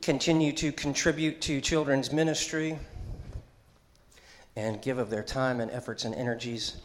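A middle-aged male pastor delivers a loose, conversational sermon in a church. He jokes, wanders into asides and calls out to the congregation for responses, with a voice of ordinary pitch. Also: level tone, moderate pace, roomy sound, slight background noise. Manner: chatty and joking, with asides and call-and-response. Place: church sanctuary.

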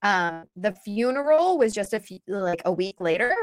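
Animated, blunt woman telling stories. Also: mid-range voice, normal speed, no room sound. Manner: animated, blunt, laughs often. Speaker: guest sharing personal stories. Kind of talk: candid conversational storytelling.

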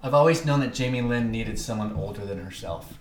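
A man's voice: on the low side, fairly quick, echoey room, a little hiss or hum. Rambling middle-aged male podcast host. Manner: rambling storyteller, laughs often. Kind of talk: casual chat.

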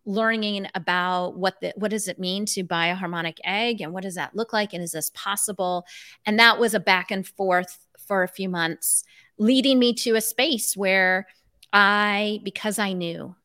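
A woman's voice: mid-range voice, clear, resonant tone. A middle-aged woman, a life coach, telling a personal story in conversation and acting out remembered dialogue. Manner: animated, acts out remembered dialogue.

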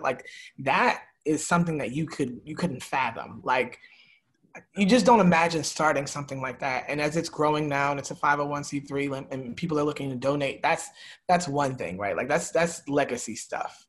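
A man from Baltimore telling a story in a casual conversation and acting out the people he quotes. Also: on the high side. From Baltimore, USA. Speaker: guest, community organizer.

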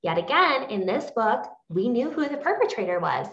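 A woman's voice: on the high side, big pitch swings, moderate pace, fairly bright tone, roomy sound, highs cut off. A woman co-hosting a casual book podcast, easygoing and agreeable as she talks. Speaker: podcast co-host. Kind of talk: casual book-club chat.

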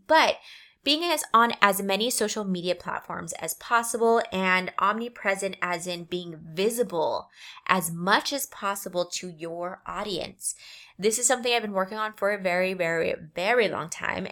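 An upbeat woman in her thirties hosts her own podcast, chatting freely and stopping to correct herself mid-sentence. Her pitch sits in an ordinary middle range for a woman. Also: pushed and bright. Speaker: podcast host. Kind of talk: casual solo podcast talk.

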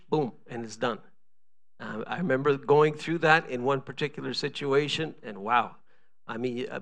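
A man's voice: a little high, fairly bright tone. A middle-aged male pastor preaching a sermon, telling stories and acting out the voices of the people in them. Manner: storytelling preacher, acts out quoted voices.

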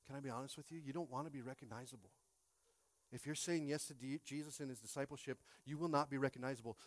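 A pastor in his late thirties preaching a sermon, emphatic, swinging from quiet to loud and repeating phrases. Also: mid-range voice, fast talker.

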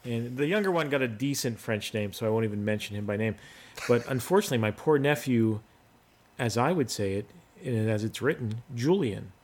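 A man's voice: medium pitch, brisk. A man co-hosting a podcast, telling funny stories in casual chat and playfully mimicking how others talk. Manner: animated storyteller, mocks accents playfully. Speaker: podcast co-host.

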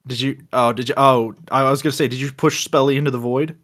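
A young man from Florida co-hosting a podcast in casual chat, excitable, with loud bursts of laughter and stumbling restarts. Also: mid-range voice, quick pace. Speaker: podcast co-host. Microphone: home computer mic on a call.

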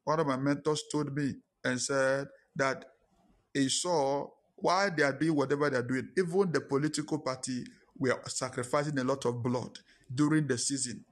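A man preaching a sermon, emphatic and repetitive, dropping his voice low for dramatic points. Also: fairly even intonation, normal speed. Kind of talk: sermon with storytelling.

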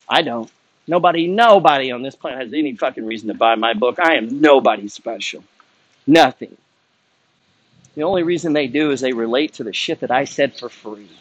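A middle-aged man with a mid-range, fairly bright voice rants bluntly and profanely to camera about building wealth, lecturing his viewers with mounting heat. He's a wealth-building content creator, and the recording is dry and unscripted.

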